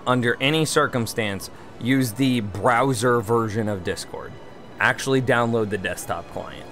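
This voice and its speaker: A man's voice: medium pitch, a little slow, a bit bright, soft background music. A man hosting a game livestream, reading viewer chat aloud and answering it in a wry, chatty way, one beer in and a little tipsy. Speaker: livestream gamer host.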